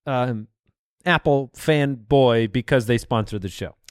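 Smooth-voiced man, playful podcast co-host. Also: medium pitch, no room sound, clean studio sound. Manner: playful, teasing, halting restarts. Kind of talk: casual chat.

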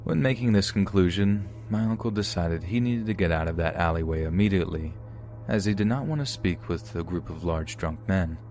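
A man narrating true horror stories in a steady, scripted reading. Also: low-pitched, a little fast, a little hiss or hum. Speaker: podcast narrator.

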